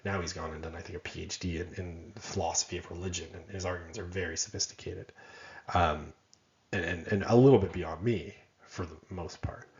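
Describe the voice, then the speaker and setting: A man's voice: deep voice, steady tone, fairly quick, a little mellow, reverberant, lo-fi sound. A man giving a conversational college lecture, often checking in with "right?" and making self-deprecating asides.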